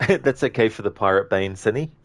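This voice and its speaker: A man with a deep, low-pitched voice talks through a live gameplay stream. He chats easily with viewers, reads their messages and thanks them, often pausing on an um or correcting himself partway through a sentence. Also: animated. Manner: frequent ums and self-corrections. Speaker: livestreamer. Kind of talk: casual live game-stream commentary.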